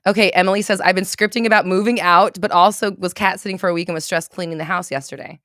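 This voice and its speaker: A woman chats on a casual livestream, rambling loosely, cursing freely and bursting into laughs. Her voice is bright and forward. The sound is dry and close, with little room around it. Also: lowish voice, steady tone, fast, no echo. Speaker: livestream host doing intuitive readings.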